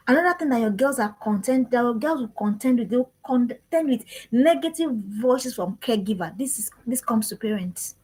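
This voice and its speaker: A woman's voice: a little high, expressive, moderate pace, darkish tone, slightly rough, low-quality recording. A woman giving an earnest parenting talk, repeating her questions in a preaching cadence. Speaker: parenting speaker. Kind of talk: live-streamed parenting talk.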